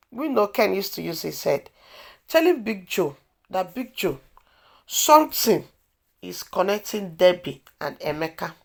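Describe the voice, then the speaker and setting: A woman with a Nigerian accent chatting through a casual movie recap, telling the story in an animated way with exclamations. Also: medium pitch. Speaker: movie reviewer.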